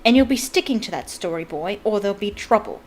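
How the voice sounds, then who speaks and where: A bullying middle-aged uncle barks and snarls menacing orders, as a woman puts him on during a storybook reading. The voice sits at an ordinary mid pitch, with a faint hiss of noise behind it. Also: lively intonation, fast talker, close to an everyday voice. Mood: threatening. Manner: barking, snarling threats.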